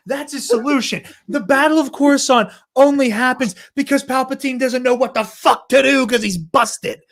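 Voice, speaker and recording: A podcast co-host in an animated, casual storytelling mode. He swears freely and keeps the story moving quickly. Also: extremely high pitch. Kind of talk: casual chat.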